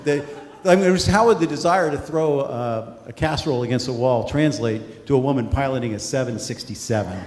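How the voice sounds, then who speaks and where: A man's voice: mid-range voice, brisk. A man speaking on stage at a live conversation, wry and self-deprecating, rambling with frequent laughs. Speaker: author on a panel. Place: large hall at a live event. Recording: echoey hall with faint noise.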